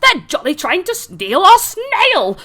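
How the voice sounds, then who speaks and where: Woman playing a jittery rabbit-man in a fantasy game, high and loud. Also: wildly swooping pitch, slow pace, full character voice. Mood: alarmed. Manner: high, loud, panicky exclamations. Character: excitable male rabbit-folk Harengon adventurer.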